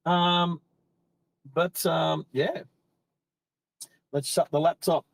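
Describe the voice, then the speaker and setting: Parked beside an outback road, an Australian man in middle age hosts a driving live stream, his somewhat high, creaky voice steady in tone and drawing out his words. He's chatty and wandering, often interrupting himself partway through an idea, and there's no echo.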